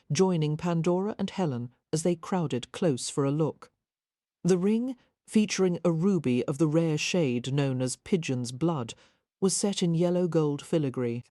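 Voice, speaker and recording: A woman narrating a historical romance audiobook in an even, measured reading. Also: deep voice, no echo, studio quality. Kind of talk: scripted narration.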